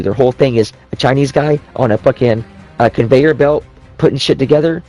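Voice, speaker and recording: A man in a casual, rambling rant, heavy on swearing and quick restarts. His voice sits at an ordinary middle pitch. Faint music plays softly behind him. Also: poor audio. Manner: profane, rambling, with frequent restarts.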